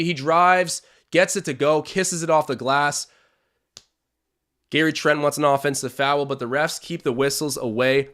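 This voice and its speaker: A man's voice: on the high side, fairly bright tone. A young man hosting a live-stream watch-along, chatting opinions, calling plays and reading out viewer comments.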